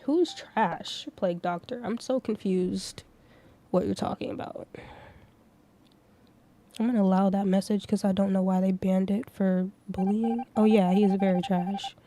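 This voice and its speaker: A woman's voice: mid-range voice, steady tone, a little slow, warm tone, slight background noise. Young woman streamer, casual, swears constantly, blunt venting storyteller. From Florida. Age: 20s. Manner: profane, ranting storyteller. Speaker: livestreamer.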